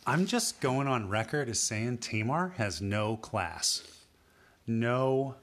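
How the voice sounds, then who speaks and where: A man co-hosting a casual podcast with a middle-pitched voice. He gets worked up into dramatic rants, then slips into flat, deadpan one-liners. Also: slow. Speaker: podcast co-host. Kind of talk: casual chat.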